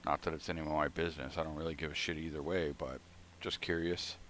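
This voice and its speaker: A man's voice: a bass voice, flat delivery, fast talker, a bit bright, a little hiss or hum. A man streaming a flight simulator, telling a rambling, profane story in casual chat.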